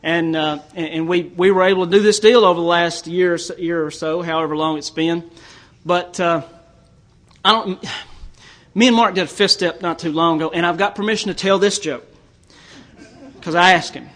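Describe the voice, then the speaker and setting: Speaking at a conference as an AA speaker, this man from Tennessee spins folksy recovery stories that build to jokes, often stammering and restarting mid-sentence. His voice runs high for a man, fairly bright, with a steady tone and moderate pace.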